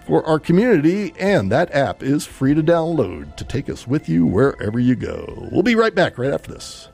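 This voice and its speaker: A man hosting a local radio music show, chatting and reading out announcements, with phone numbers read slowly. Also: a little high, sing-song, creaky, a little mellow, breathy edge. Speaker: radio host. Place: radio studio.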